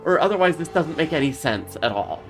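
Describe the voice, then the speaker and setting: A woman's voice: low voice, lively intonation, fairly quick, soft background music. A woman co-hosting a podcast, making chatty, analytical asides about a visual novel. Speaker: podcast co-host. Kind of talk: casual podcast commentary.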